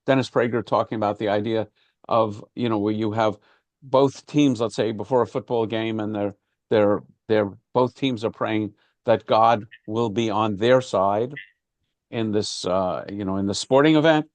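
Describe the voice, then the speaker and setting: A man's voice: fairly low pitch, moderate pace, darkish tone, no room sound. A man leading an informal class discussion, talking conversationally with frequent restarts and fillers. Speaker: class teacher.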